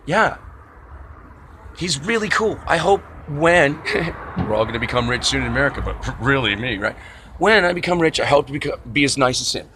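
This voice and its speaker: A man's voice: mid-range voice, very animated, brisk, vocal fry, sharp tone, slight background noise. A man vlogging a casual, rambling rant with a sarcastic, wry manner.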